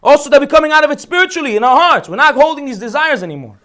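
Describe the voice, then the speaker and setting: Speaking very fast in a very high voice, this man teaches a holiday class as a rabbi. His Torah lecture is humorous, full of animated stories and rhetorical questions.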